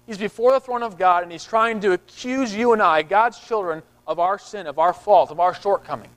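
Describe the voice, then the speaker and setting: Man, high voice, pastor, conversational sermon, repeats words. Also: moderate pace, fairly bright tone, low-quality recording.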